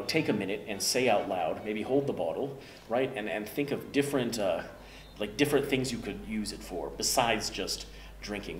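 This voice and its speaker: An older man, a business professor, explaining ideas in a jovial, self-deprecating conversational way, tagging sentences with "right?". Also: fairly low pitch. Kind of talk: conversational teaching. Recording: echoey room with music behind.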